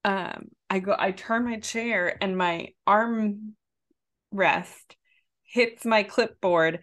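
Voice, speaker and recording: Woman doing chatty storyteller, lively, laughs through her anecdote, spikes up for quoted outbursts. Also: drawn-out words. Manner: animated, jumps high when quoting herself; lots of fillers and restarts, laughs while telling. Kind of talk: casual chat, anecdote.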